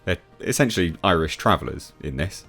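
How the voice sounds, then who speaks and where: A man's voice: low-pitched, lively intonation, brisk, gravelly, a bit bright, soft background music. A man delivering a mocking, opinionated commentary vlog with frequent filler sounds. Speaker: YouTube commentator.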